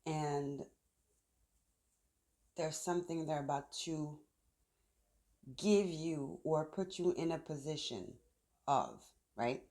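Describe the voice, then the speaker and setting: A woman's voice: deep voice, animated, slow, long pauses, dark tone. A woman giving a casual tarot reading, thinking aloud as she pulls cards outdoors in the sun. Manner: chatty, thinks aloud while pulling cards. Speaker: tarot reader.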